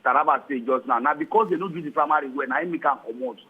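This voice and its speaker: A man's voice: a little high, rapid-fire, husky. A Nigerian man calling in to a talk show in pidgin, making emphatic declarations. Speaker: caller. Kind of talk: phone-in opinion. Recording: tinny phone line.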